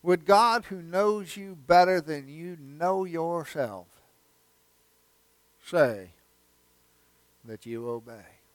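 A man's voice: fairly high pitch, very slow, long pauses. A male pastor preaching a sermon with folksy, humorous storytelling.

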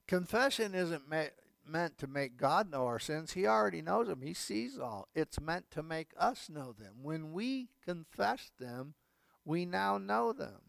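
A man's voice: a little high, very animated, measured pace, gravelly, a bit bright, dry recording. A male pastor giving a sermon, emphatic, with repeated phrases and casual asides. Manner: emphatic preaching with repetition and asides.

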